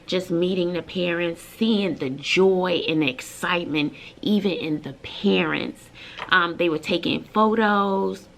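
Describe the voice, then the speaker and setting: A woman's voice: on the low side, a little slow, gravelly, a little hiss or hum. A woman from Brooklyn, a middle school teacher, talking casually in a vlog, bubbly and emotional with lots of fillers. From Brooklyn, New York.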